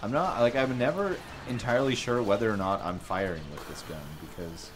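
A man co-hosting a casual let's-play, excitable and quick to laugh and yelp at the game. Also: mid-range voice, background noise. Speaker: gaming co-host. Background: game music.

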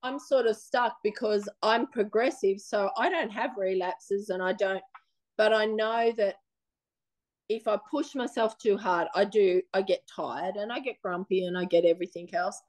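A woman with an Australian accent, telling her own story in a blunt, animated, plain-spoken way during an interview. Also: medium pitch, normal speed. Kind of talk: casual personal storytelling.

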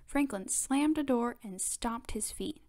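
A woman reading a children's picture book aloud with clear, expressive storytelling. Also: on the high side, measured pace.

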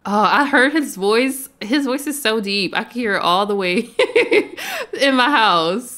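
Brief: casual woman gaming host, chatty and laughing, a bit high-pitched. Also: big pitch swings, a little slow, bright, forceful tone. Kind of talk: casual let's-play commentary.

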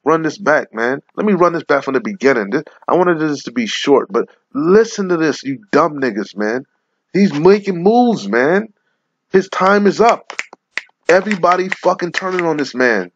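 A man's voice: a little high, big pitch swings, moderate pace, slight background noise. A man giving an angry, profane rant in which he reads scripture aloud and lectures his listeners. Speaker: religious commentator. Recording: lo-fi muffled audio.

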